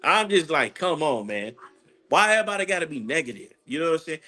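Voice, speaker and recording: High-voiced guy w/ black ranting abt the game, rambly and hyped. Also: quick pace. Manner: excitable, rambling, swings into high-pitched laughing outbursts. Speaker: sports fan commentator. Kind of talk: casual live game-watching rant.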